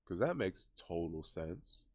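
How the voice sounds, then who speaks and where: A man with a deep, gravelly voice gives casual reaction commentary on a trailer. He sounds scoffing and exasperated. The talk is loose and unscripted. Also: big pitch swings, takes it slowly.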